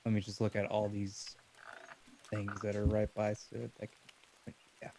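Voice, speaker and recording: A man's voice: lowish voice, monotone, moderate pace, dark tone. Hesitant, wry man with faint background noise. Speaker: player. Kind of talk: casual tabletop game banter.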